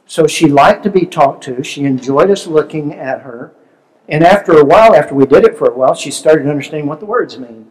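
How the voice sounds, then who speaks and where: A man's voice: fairly high pitch, animated, brisk, darkish tone, low-quality recording. An older man speaking as a seminar presenter, telling stories in a conversational way and asking the audience questions. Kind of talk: relationship seminar talk.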